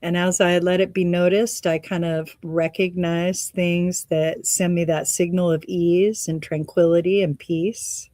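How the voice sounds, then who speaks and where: A woman's voice: on the low side, flat delivery, a little slow, few pauses, dark tone, no room sound, clean studio sound. A woman hosting a spiritual meditation talk, meandering and reflective with frequent laughs, slightly out of breath. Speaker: meditation and energy reading host.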